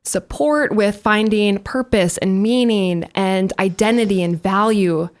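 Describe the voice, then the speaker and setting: Woman podcast host, middle pitch, asks questions, restarts a bit. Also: measured pace. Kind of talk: podcast interview.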